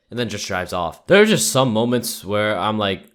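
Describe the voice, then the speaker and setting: A young man with a notably low voice tells stories in a relaxed, meandering way. He swears offhandedly and leans on "like" between thoughts. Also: normal speed, few pauses. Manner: rambling, profane, full of "like" fillers. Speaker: YouTuber. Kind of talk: casual storytelling vlog.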